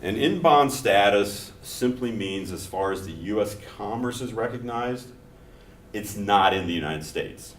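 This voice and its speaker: A middle-aged man teaching a class in a relaxed, conversational way, mixing personal stories into his explanations. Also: fairly low pitch, unhurried. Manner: conversational, telling anecdotes between explanations. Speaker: instructor. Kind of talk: classroom lecture. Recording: echoey classroom from far off, faint noise.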